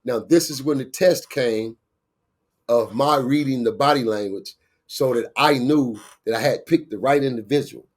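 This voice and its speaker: A middle-aged man with a Los Angeles street accent, telling a story in an animated, slangy way and acting out the voices of the people in it. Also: mid-range voice, moderate pace. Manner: acts out quoted voices, slangy, laughing asides. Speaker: guest storyteller, bounty hunter.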